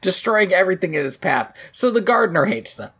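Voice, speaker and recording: Woman, podcast co-host, husky lowish voice, swooping pitch, chatty animated recap. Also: fairly quick. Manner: animated, laughing, swearing, quoting lines in funny voices. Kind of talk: casual movie recap chat.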